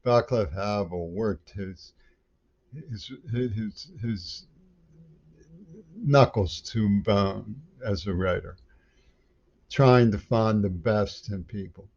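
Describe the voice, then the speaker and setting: A man with a low, dark voice rants angrily in a long monologue, stumbling and restarting his sentences. The recording is dull and lo-fi. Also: takes it slowly, pauses often. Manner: angry, rambling, stumbling restarts. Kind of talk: ranting monologue. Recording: dull lo-fi audio.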